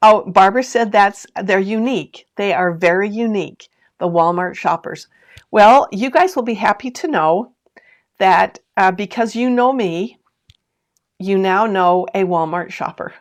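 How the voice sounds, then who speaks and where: A woman with a medium-pitched voice and a measured pace hosts a sewing live stream from her home. She chats with viewers, reads their comments aloud, and laughs often while telling a story, speaking directly to her audience with plenty of asides and questions.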